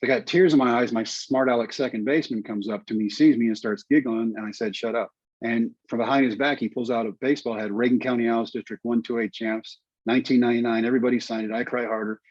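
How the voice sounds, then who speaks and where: Speaking quickly with few pauses in a mid-range voice, this guest storyteller, a middle-aged man from Texas, recounts a personal story in conversation and animatedly acts out the dialogue of its characters. The sound is dull and dry, without any room tone.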